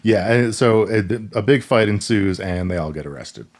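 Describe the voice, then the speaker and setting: A man co-hosting a podcast, retelling a film scene by scene in a rambling, halting way with many fillers and restarts. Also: fairly low pitch, lively intonation. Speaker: podcast co-host. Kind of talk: casual chat recapping a film.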